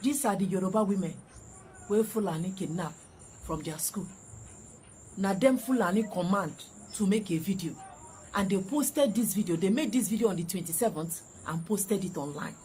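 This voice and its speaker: A woman's voice: mid-range voice, brisk, mellow, a little hiss or hum. A woman speaking with a Nigerian Pidgin accent, giving indignant online commentary. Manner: indignant, rising emphasis.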